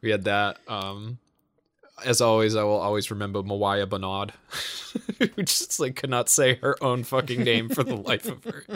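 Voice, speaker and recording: A man's voice: medium pitch, normal speed, a bit bright, dry recording, clean studio sound. A young man in casual chat, rambling with many fillers, laughing often and swearing casually.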